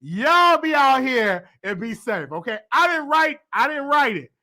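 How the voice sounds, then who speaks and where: This show host, who has a Southern US accent, speaks in a very high, sing-song voice that is bright and forceful, at a measured pace. His casual solo commentary is playful and chatty, sprinkled with laughing asides.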